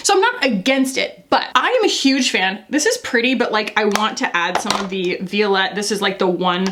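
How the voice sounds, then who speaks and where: A woman's voice: medium pitch, animated, moderate pace, fairly bright tone, a little hiss or hum. An American woman in her twenties or thirties, chatting candidly and casually through a makeup review with frequent laughs. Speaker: beauty vlogger.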